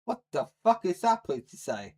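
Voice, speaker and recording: A man's voice: high voice, big pitch swings, a little fast, darkish tone. A man on a live stream, ranting at his chat in a profane, mocking, hostile way. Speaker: livestreamer.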